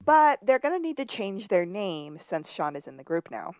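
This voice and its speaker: A woman's voice: mid-range voice, big pitch swings, moderate pace, no room sound. A woman co-hosting a podcast, narrating an episode recap in casual chat. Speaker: podcast co-host.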